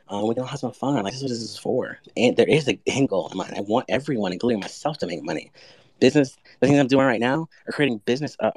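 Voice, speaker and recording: A brash man talking through a podcast story in a lowish voice, swearing freely and pushing his points hard. He fires off rhetorical questions and restarts himself with fillers along the way. The sound is dry and close, with no room echo. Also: darkish tone. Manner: frequent fillers and self-corrections. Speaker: NFT project founder, podcast guest.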